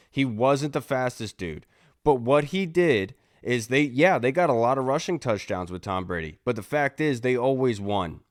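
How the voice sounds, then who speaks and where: A man's voice: medium pitch, no room sound, studio quality. A man co-hosting a sports podcast, reading out listener questions and giving his takes in casual chat. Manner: reads listener questions aloud, then gives opinions. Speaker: podcast co-host.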